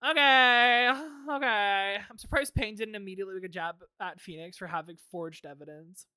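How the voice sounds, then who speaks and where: A woman streamer giving animated, sarcastic commentary on a game and laughing often. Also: mid-range voice, brisk, no room sound, clean studio sound.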